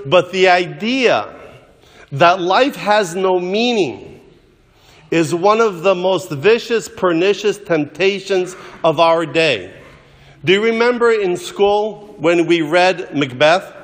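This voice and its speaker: Slow-speaking preacher in a reverberant church. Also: male voice, high-pitched. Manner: slow, deliberate delivery with storytelling and recitation. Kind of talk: sermon.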